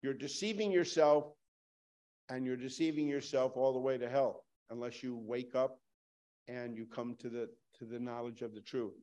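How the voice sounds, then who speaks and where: A man preaching a sermon emphatically, repeating lines for stress and swinging from loud to hushed. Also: medium pitch, fairly even intonation, normal speed, lo-fi sound.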